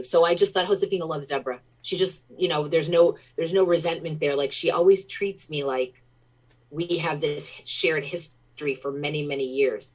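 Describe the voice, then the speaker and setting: A middle-aged American woman with a notably low voice appears as an interview guest, effusive and enthusiastic as her stories tumble out in casual chat. Her tone is steady, her speed normal, and the audio poor.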